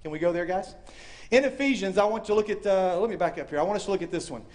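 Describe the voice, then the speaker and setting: A man with a high, light voice preaches a sermon to a live audience. He is animated, acts out the voices in his story, and swings from loud calls to hushed, quiet lines. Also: quick pace. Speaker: speaker. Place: university chapel or hall with audience.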